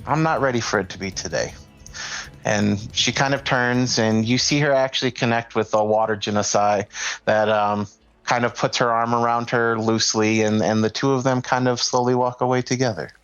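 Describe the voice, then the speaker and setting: A man's voice: mid-range voice, flat delivery, normal speed, fairly bright tone, clear, resonant tone, lo-fi sound, faint music behind. A man narrating a tabletop game as game master, loose and casual with lots of fillers.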